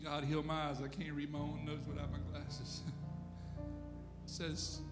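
A man preaching a sermon as pastor, animated, shouting and acting out quotes, now and then laughing at himself. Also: fairly high pitch, unhurried, long reverb tail, loud music behind the voice. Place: church sanctuary.

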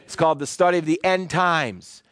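A man's voice: fairly high pitch, moderate pace, fairly bright tone, no echo. A male pastor teaching a sermon, explaining scripture chapter by chapter and asking the congregation to repeat key words back to him. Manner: call-and-response with the congregation; explanatory, citing scripture verses.

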